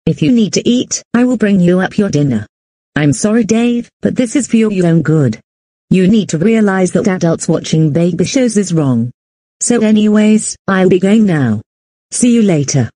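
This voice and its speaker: Brief: synthetic female voice as a scolding, repetitive ex-wife, warm-toned, close and dry. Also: mid-range voice, animated, moderate pace, no room sound, lightly acted. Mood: firm. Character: strict, scolding adult woman, Dave's ex-wife. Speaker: animated character. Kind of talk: text-to-speech cartoon voice.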